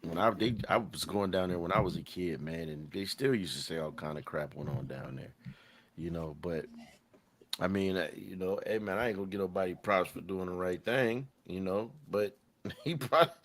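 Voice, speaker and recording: A man's voice: low-pitched, normal speed, a bit bright. A man hosting a podcast, talking casually and animatedly, often restarting sentences and leaning on "man". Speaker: podcast host. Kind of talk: casual chat.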